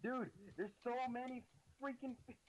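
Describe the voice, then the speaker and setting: A man's voice: extremely high pitch, normal speed, highs cut off, very noisy. A man playing a game with a friend, talking in a profane, teasing, ranting way. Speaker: gamer. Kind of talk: gaming commentary with a friend.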